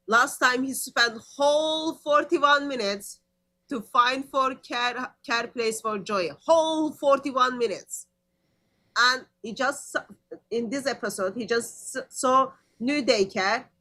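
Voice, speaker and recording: A woman co-hosting a casual reaction commentary, animated and teasing. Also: high voice. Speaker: co-host.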